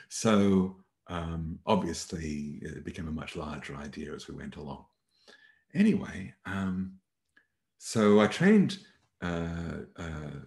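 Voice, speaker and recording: A man's voice: rumbling low, gravelly, a little mellow. A middle-aged Australian man telling a rambling work anecdote in a casual talk, full of fillers and acted-out quotes. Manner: rambling anecdotal, many fillers and restarts, acts out quoted people. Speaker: conference speaker telling a case study.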